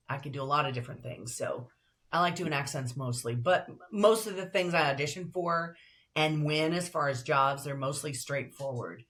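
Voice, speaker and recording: An older woman with a deep alto voice, a broadcaster and voiceover actress talking as a guest in a casual interview, lively and upbeat. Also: normal speed.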